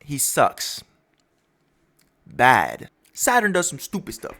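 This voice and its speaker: A man's voice: mid-range voice, wildly swooping pitch, slow, pushed and bright. A man casually breaking down a comic chapter for his channel in a rambling, storytelling way. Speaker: manga recap YouTuber.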